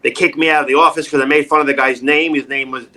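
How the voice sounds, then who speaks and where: A middle-aged man with a New York accent, telling jokey stories in a casual interview, animated and wisecracking. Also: fairly high pitch, quick pace, noisy background. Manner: animated, wisecracking, jumps into quoted voices. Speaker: actor and comedian, interview guest. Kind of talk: casual interview, joking storytelling.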